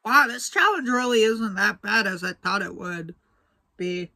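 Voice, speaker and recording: A young man vlogging casually to camera, mouth burning from spicy food, talking slowly with breathy sighs between short remarks. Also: high voice, lively intonation, sharp tone, no room sound, clean studio sound. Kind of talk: casual vlog talk to camera.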